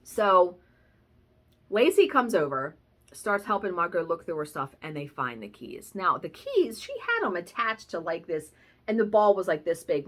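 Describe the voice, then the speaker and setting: A woman's voice: medium pitch, fairly bright tone. A woman vlogger telling a story in a casual, chatty way, swearing now and then. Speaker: cross-stitch vlogger.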